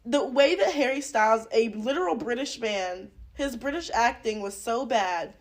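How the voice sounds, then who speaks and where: A woman's voice: fairly high pitch, lively intonation, normal speed. A woman guesting on a podcast, chatting casually about a film, blunt and opinionated, swearing freely. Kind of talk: casual film review chat.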